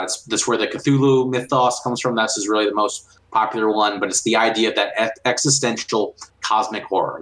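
A man's voice: fairly low pitch, fairly bright tone. A man co-hosting a casual gaming podcast, explaining enthusiastically with many restarts. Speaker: podcast co-host. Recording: roomy echo.

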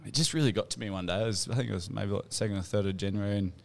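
A man's voice: lowish voice, racing, gravelly. An Australian man on a podcast with his mates, telling a long joke as if it were his own story, acting out the other voices and swearing freely. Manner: animated, acts out dialogue in a funny story, swears. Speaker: podcast co-host.

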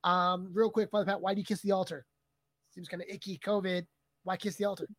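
A man co-hosting a podcast, telling stories with lively energy and frequent laughter. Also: high-pitched, fast talker, dry recording. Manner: lively storyteller, laughs often. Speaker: podcast co-host and video editor. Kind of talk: casual podcast chat.

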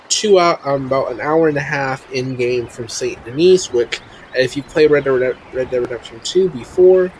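A man's voice: medium pitch, a little hiss or hum. A man hosting a podcast, casually talking through a video game he is playing, often restarting his sentences. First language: English. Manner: rambling, restarts sentences, chatty. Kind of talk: casual gameplay commentary.

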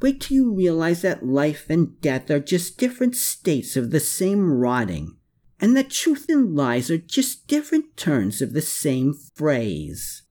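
A man's voice: fairly high pitch, wildly swooping pitch, unhurried, dark tone, pitched above the performer's own voice. A man reading aloud, voicing a bitter, contemptuous man who snarls his lines in a raised voice. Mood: cold taunting.

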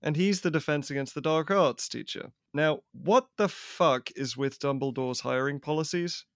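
A man's voice: a little high, moderate pace, a bit bright. A man with a slightly raised voice jokes on a podcast, mocking and swearing in casual chat. The sound is dry and close, with no room echo. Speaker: podcast co-host.

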